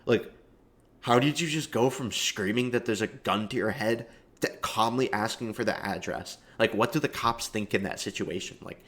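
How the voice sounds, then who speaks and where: Rambling, profane man with a low voice. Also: moderate pace, a bit bright. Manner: rambling and profane, heavy fillers. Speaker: video commentator. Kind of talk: casual comedic monologue.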